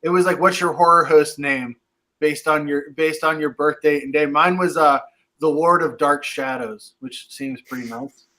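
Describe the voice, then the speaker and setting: A man's voice: on the high side, fairly even intonation, normal speed, sharp tone. A man with a Pittsburgh accent co-hosting a podcast in casual chat, rambling and joking at his own expense. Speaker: podcast co-host.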